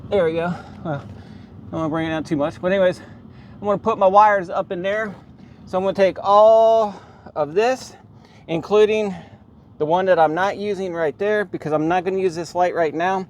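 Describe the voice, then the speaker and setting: A man's voice: high voice, normal speed, darkish tone, slight background noise. A man talking casually in a how-to vlog from inside his car, rambling with lots of "um" and "right here" as he points things out. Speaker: car vlogger.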